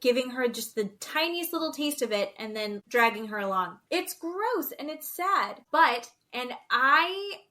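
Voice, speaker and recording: A high, bright woman's voice with a lively, animated delivery. She recaps a reality show in casual podcast chat, acting out other people's lines and swearing freely. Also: measured pace, hardly any pauses. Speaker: podcast co-host.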